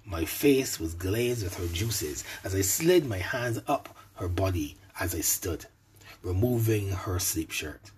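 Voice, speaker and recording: A man narrating an adult story in a soft, intimate way, sometimes dropping to a whisper. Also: low voice, lively intonation, slow, a little hiss or hum.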